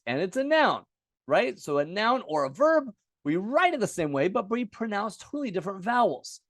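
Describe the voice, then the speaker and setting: A man's voice: high-pitched, very animated, normal speed, no room sound, clean studio sound. A man teaching an unscripted lesson, explaining step by step at a chart, casual with many fillers and self-corrections.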